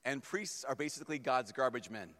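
A male priest giving a humorous, lively sermon to a young crowd and acting out little stories as he goes. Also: medium pitch, a little fast. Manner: humorous, animated, acts out stories. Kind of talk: sermon to a youth gathering. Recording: long reverb in a large hall.

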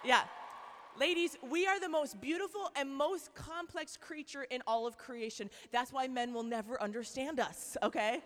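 A young woman gives a lively, joking faith talk to a room of women. Her voice sits fairly high, and her speech is loose and chatty with many likes and okays. Long reverb from a large hall trails behind her. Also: moderate pace. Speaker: speaker at a Christian women's event.

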